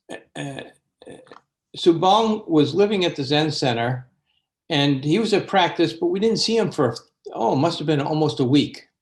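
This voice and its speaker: A man in his sixties, an abbot and Zen teacher, telling stories unhurriedly in an interview, with frequent fillers. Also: medium pitch. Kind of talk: interview reminiscence.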